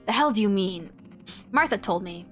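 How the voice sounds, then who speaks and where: A woman's voice: medium pitch, lively intonation, moderate pace, a bit bright, faint music behind, natural voice. A woman voicing a crude, angry young male student while reading game dialogue aloud. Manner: aggressive, swearing.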